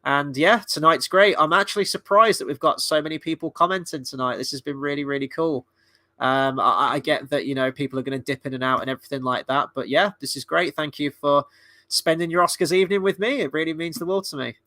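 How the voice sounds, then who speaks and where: Excitable guy streaming a movie watchalong, kinda high sharp voice, swears a lot, dry close sound. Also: quick pace, dry recording. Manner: chatty, excitable, swears freely. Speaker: livestream host and movie reviewer. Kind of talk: casual live watchalong commentary.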